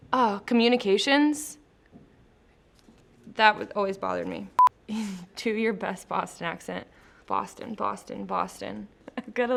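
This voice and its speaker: There's a little hiss or hum behind this creaky, medium-pitched female voice. Interviewed casually in a company studio, the post-production traffic manager chats about her job between light questions, laughing easily and using lots of fillers.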